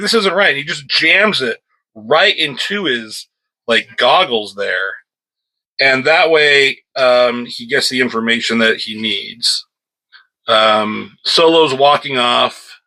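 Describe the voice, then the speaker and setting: A man's voice: mid-range voice, bright, forceful tone, rough recording. A man reviewing a comic book at home in an offhand, rambling chat, breaking off now and then to scold his cat.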